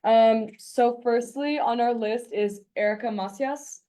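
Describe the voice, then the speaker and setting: A young woman chairs a student government meeting with a friendly, brisk manner. Her voice sits a touch high as she moves through questions and reads procedural rules. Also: fairly even intonation, mellow.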